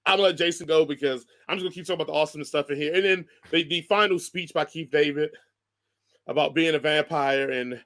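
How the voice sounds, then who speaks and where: Gushing, higher-voiced man praising a movie. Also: fast, a bit bright. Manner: enthusiastic, gushing, stumbles over words. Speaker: movie review podcast co-host. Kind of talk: casual movie review chat.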